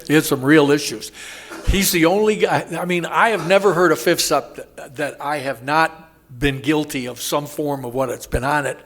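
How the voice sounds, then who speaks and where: A man sharing his recovery story at a meeting, rambling and interrupting himself, laughing at his own jokes and acting out quoted voices loudly. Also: a little high, moderate pace. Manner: acts out quoted voices with sudden loud jumps. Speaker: AA speaker.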